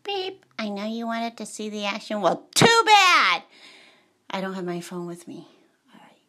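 A woman casually retelling a movie, rambling and animated and adding her own sound effects. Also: mid-range voice, fairly quick.

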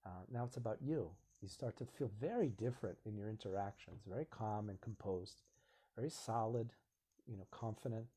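A man's voice: fairly low pitch, normal speed, dark tone, breathy edge. A man hosting a live video stream, talking casually and earnestly, reflecting aloud and acting out little dialogues.

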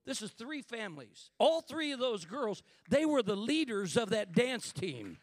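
High-voiced fervent male preacher. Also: very animated, unhurried, dry recording, studio quality. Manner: fervent, builds to shouts, calls "Hello?" to the congregation. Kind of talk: sermon. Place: church.

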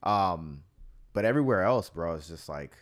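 A man's voice: sits low, normal speed. A man co-hosting a podcast in casual chat, telling travel stories and acting out the people he quotes. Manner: animated storyteller, acts out the people he quotes. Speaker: podcast co-host.

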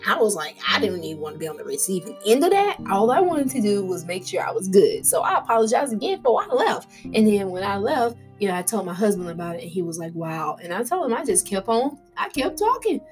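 A young adult woman hosting a podcast, telling a rambling personal story in a casual, animated way with frequent laughter and restarts. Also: mid-range voice, fast, few pauses, faint music behind. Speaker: podcast host.

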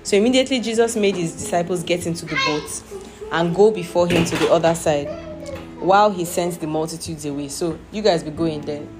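Low-voiced woman leading a Bible study. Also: a little fast, over music. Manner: patient, asks questions to draw listeners in. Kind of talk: reading scripture aloud and explaining it.

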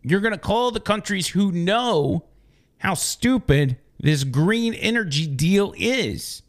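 A man's voice: sits high, expressive, slow pace. A man hosting a political opinion show, speaking emphatically and mockingly, repeating words for effect. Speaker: political commentary host. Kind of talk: opinion monologue.

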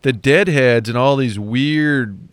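A man hosting a casual interview, joking and chatty with quick asides. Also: mid-range voice, no room sound. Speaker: podcast host.

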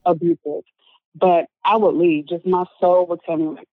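A woman's voice: lowish voice, steady tone, moderate pace, no room sound. Earnest woman on a tinny line. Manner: earnest, frequent filler words. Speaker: interview guest. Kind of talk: personal story told in conversation. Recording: narrow phone-like sound, dry.

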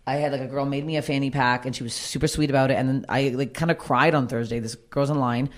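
A woman comedian talking bluntly and swearing freely in a candid conversation, with a low voice. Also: steady tone, fast. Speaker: comedian and podcast guest.

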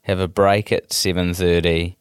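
A middle-aged man with a New Zealand accent, a comedian chatting in an interview in a rambling, animated way with many restarts. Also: low voice, a little slow, clear, resonant tone, dry recording, studio quality. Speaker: comedian, guest. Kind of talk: casual interview chat.

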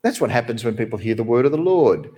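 A man who is a pastor, preaching a sermon from behind the pulpit in an animated, conversational way. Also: quick pace. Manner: animated, conversational preaching with wide swings in pitch.

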